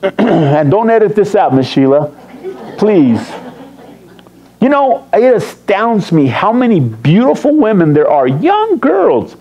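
A man's voice: high-pitched, huge pitch swings, slow pace, mellow, dull audio. A man preaching a sermon as pastor, teasing and quizzing his congregation. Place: church sanctuary.

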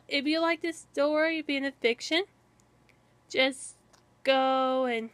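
A young woman telling an improvised fan-fiction story, rambling and halting with many restarts. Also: high-pitched, dry recording.

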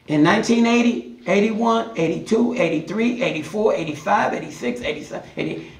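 A man's voice: high voice, vocal fry. A man teaching a Bible study class in a passionate, hollering preaching style, hammering points home with repetition. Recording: echoey room, mic at a distance.

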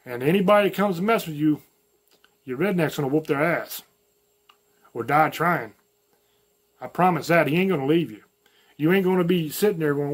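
A man's voice: fairly high pitch, lively intonation, normal speed, long pauses, breathy edge. A man from the American South with a light Southern accent, giving a blunt, folksy opinion monologue as a channel host, full of slang and profanity. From American South, mountains.

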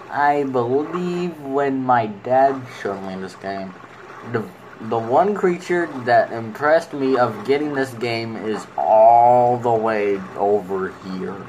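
A man's voice: medium pitch, darkish tone, dull audio, a little hiss or hum. A man giving casual commentary while playing a video game, rambling and talking fondly to the creatures on screen.

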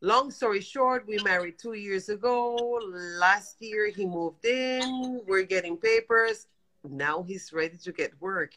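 A woman in her fifties calling in from her apartment over a phone video call, talking in animated, exasperated bursts. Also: mid-range voice, slow pace, rough recording. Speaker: guest caller. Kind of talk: emotional live-stream chat. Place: home apartment.

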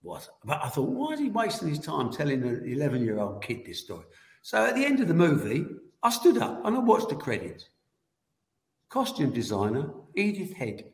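A man in his seventies, a guest telling animated anecdotes and laughing through them. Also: a little high, normal speed. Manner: animated, laughs as he tells the story. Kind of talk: anecdotal storytelling. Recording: roomy echoey room.

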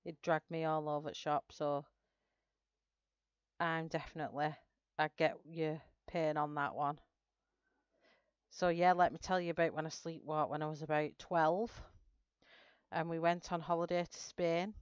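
A woman's voice: low-pitched, level tone, unhurried, long pauses, smooth, dry recording, highs cut off. A woman chatting casually with viewers while she colors, telling a story. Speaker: artist livestreaming a coloring session.

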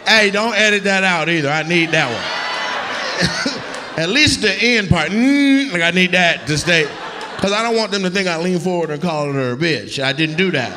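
A brash man doing stand-up crowd work on a club stage, ribbing audience members in a slightly high voice. His profane jabs come quick, and he slips into put-on voices for the people he teases. A loud crowd laughs around him on the live recording. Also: animated, noisy background. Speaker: stand-up comedian.

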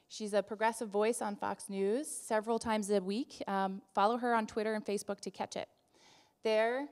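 A woman in her thirties with a New Jersey accent introduces a speaker at a live event, upbeat and chatty with frequent ums. Her voice is smooth and clear. It rings with the long reverb of a big hall. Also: medium pitch. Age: 30s.

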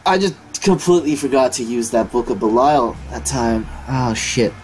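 A man's voice: mid-range voice, moderate pace, a little hiss or hum. Profane, self-mocking young male gamer. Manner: profane, self-deprecating, excitable yelps. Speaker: gaming video host. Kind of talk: let's play commentary.

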